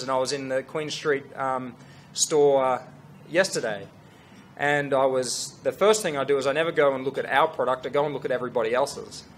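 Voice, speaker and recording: A middle-aged man tells a story to an audience, earnest and animated, with frequent restarts. His voice sits in a middle register. A faint hum runs underneath. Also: mid-range voice. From Australia. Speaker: fashion brand founder.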